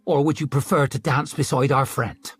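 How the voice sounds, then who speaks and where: A man's voice: medium pitch, fairly even intonation, moderate pace, slightly rough, dry recording. A man reading an audiobook, voicing a fierce warrior woman who taunts her captive in a hard-edged way. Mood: taunting.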